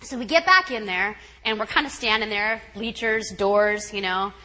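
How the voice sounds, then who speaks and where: A woman guest speaker telling a story at a retreat in an animated, chatty way, full of "you know" and "right". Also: mid-range voice, moderate pace, rough recording.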